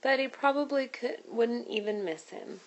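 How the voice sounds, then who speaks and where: A woman's voice: on the high side, animated, normal speed, voice pushed up, rough recording. A woman voicing a caring, scolding grown woman in a read-aloud storybook. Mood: indignant. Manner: fussing and motherly.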